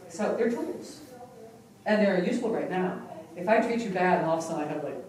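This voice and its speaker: A woman presenting a live hypnotherapy teaching demonstration in an expressive, conversational way, recorded from a distance in a large conference hall. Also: lowish voice, fairly quick. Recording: echoey hall from far off with noise.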